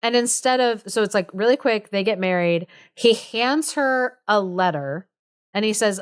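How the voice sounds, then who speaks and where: A woman's voice: medium pitch, measured pace. A young woman co-hosting a podcast, casually retelling a play in a chatty way, full of "like", and acting out the characters' lines as she goes. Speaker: podcast co-host.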